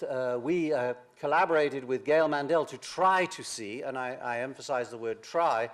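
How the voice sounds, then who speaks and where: An older man giving a science lecture, halting, with many pauses and restarts. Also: medium pitch. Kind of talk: academic lecture.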